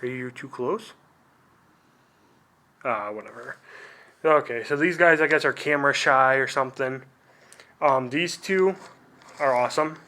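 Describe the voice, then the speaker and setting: A young man hosting a casual unboxing video in a middle-pitched, everyday voice. He rambles, fills gaps with "like", and makes fun of himself as he goes. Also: a little slow, long pauses, bright, forceful tone. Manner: rambling and self-deprecating, full of "like" and trailing asides. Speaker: video host.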